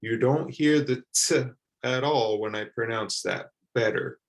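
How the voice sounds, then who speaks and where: A man teaching English pronunciation, repeating words slowly and carefully for learners. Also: mid-range voice, rough recording. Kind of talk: slow, deliberate pronunciation lesson.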